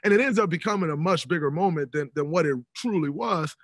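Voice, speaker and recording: A man in his thirties, a podcast guest telling stories in an animated, emphatic way. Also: on the high side, fast talker, no room sound. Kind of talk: casual podcast conversation. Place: podcast studio.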